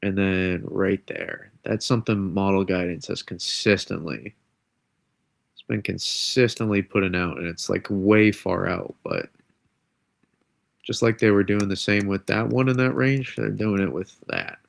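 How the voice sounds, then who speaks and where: A man's voice: sits low, steady tone, measured pace, creaky, no room sound. A man forecasting weather on a live stream, rambling and restarting his sentences, stuffy and under the weather with a cold. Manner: rambling, self-correcting, casual. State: congested from a cold.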